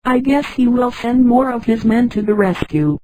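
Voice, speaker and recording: A text-to-speech woman's voice reading a young male hero's lines in a measured, matter-of-fact way. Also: very high voice, lively intonation, mellow, low-quality recording. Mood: reasoning.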